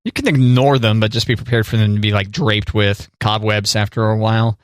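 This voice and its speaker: A man's voice: fairly low pitch, fairly even intonation, fairly quick, no room sound. Teasing man co-host, dry mic. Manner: teasing, jokey, asks questions. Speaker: podcast co-host. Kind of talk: casual chat.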